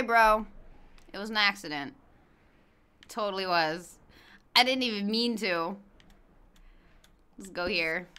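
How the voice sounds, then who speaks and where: A woman's voice: a little high, bright, forceful tone, smooth. A woman streaming a game in casual chat, greeting viewers by name and laughing often. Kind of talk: casual livestream chat while gaming.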